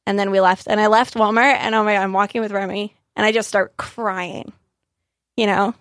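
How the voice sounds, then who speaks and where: A woman's voice: mid-range voice, fairly even intonation, moderate pace, fairly bright tone, no echo, clean studio sound. A woman in her thirties telling a personal story in casual chat, earnest and emotional, acting out what people said. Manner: earnest, emotional retelling with quoted dialogue.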